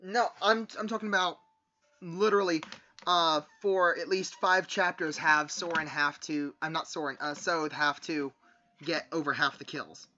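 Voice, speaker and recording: A man in a casual podcast chat about video games, asking quick questions and pitching ideas. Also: fairly even intonation, bright, forceful tone, slight background noise. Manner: inquisitive, quick questions and suggestions. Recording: dull lo-fi mic.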